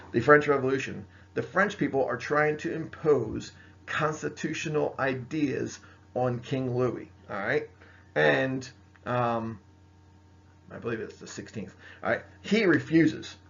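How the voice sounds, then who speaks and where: A man with a low, gravelly voice lectures his high school history class. His delivery is casual and loose, dotted with fillers and constant "all right?" checks. The recording sounds muffled and lo-fi. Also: a little slow, a bit bright.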